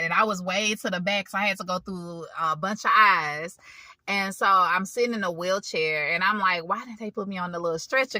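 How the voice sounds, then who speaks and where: A woman's voice: mid-range voice, pushed and bright, no echo. A woman giving a casual personal testimony to her viewers, talking conversationally, calling them y'all and often restarting her sentences. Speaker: faith vlogger.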